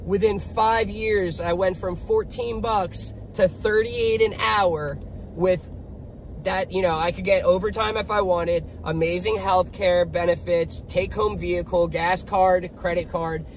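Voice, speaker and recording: A man's voice: high voice, steady tone, a little slow, slight background noise, rough recording. A man who is a generator technician and small business owner, talking in a blunt, profane, upbeat vlog between jobs. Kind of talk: casual motivational vlog.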